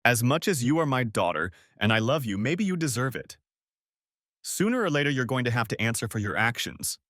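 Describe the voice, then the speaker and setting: A man's voice: mid-range voice, sing-song, a little fast, fairly bright tone, no room sound, clean studio sound. A man voicing a stern middle-aged mother who scolds bluntly, in a storybook reading. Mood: scolding.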